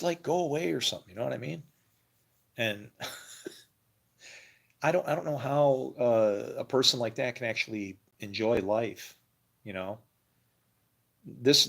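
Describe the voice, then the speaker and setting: A man's voice: medium pitch, vocal fry, fairly bright tone. A man talking casually to his viewers about faith, rambling and laughing often as he thinks aloud. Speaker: religious video creator. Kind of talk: casual monologue to camera.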